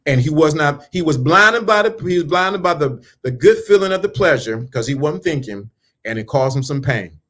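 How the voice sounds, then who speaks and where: In a slightly high, a bit bright voice with lively intonation and a moderate pace, a man motivates listeners about mindset and dating. His style is emphatic and sermon-like, with repeated lines, slang, and direct questions to the audience.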